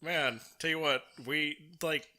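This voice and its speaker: A man's voice: on the high side, fairly even intonation, slow, bright, forceful tone. A young man co-hosting a casual podcast, joking loosely and laughing often. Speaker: podcast co-host. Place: hot small room.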